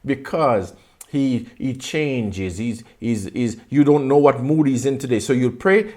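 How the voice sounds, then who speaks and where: A man's voice: mid-range voice, animated, unhurried. A man preaching a sermon with passion, asking his listeners pointed rhetorical questions and repeating phrases for emphasis.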